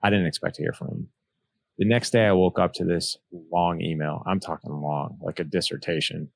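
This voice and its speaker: A man's voice: deep voice, fairly even intonation, normal speed, gravelly, no echo. A man in his forties telling a personal story in an earnest, reflective way, acting out remembered dialogue. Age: 40s. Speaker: podcast guest, author.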